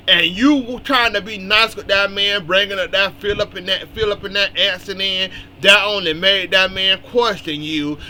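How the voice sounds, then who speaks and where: A man's voice: sits high, pushed and bright, slight background noise. A man in casual spoken commentary, recapping a soap opera and scolding its characters bluntly.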